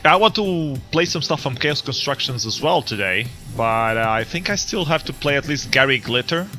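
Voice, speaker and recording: A man hosting a casual livestream chat, relaxed and chatty, often laughing. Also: mid-range voice, normal speed, soft background music. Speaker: livestream host.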